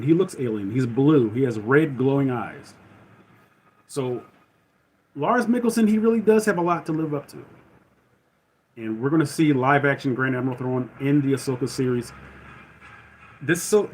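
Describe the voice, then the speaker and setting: A man's voice: medium pitch, slight background noise, poor audio. A man hosting a live stream, chatting in a loose, rambling way and often correcting himself. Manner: rambling, self-correcting, conversational. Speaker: livestream host. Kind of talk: casual live-stream chat.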